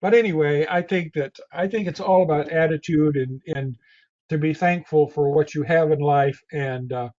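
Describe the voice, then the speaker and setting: A man with a Tennessee drawl talks casually as an interview guest, in a fairly high voice. He rambles and restarts his phrases over and over. The audio sounds dull and muffled. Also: moderate pace, a little mellow. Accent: Southern US, Tennessee. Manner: rambling, repeats his words often.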